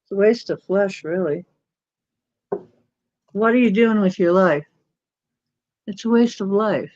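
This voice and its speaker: A woman's voice: medium pitch, a little slow, darkish tone. A woman hosting a casual livestream chat, scornful and mocking, laughing often. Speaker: livestream host. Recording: dull lo-fi stream audio.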